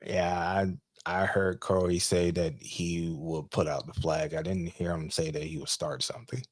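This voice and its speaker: A man's voice: sits low, fairly even intonation, normal speed, no room sound, studio quality. Laid-back joking male moderator. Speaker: debate moderator. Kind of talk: moderating online debate. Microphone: online call.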